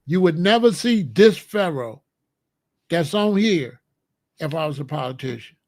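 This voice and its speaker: Blunt, high-voiced man ranting. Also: expressive, a little slow, dry recording, clean studio sound. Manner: blunt, emphatic and scolding. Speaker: commentator. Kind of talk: opinionated monologue to a live chat.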